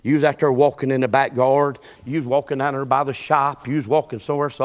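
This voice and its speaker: A man preaching a sermon in a folksy storytelling way, swinging between loud preaching and quiet asides. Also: medium pitch, fairly even intonation, fast talker, hardly any pauses. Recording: long hall reverb.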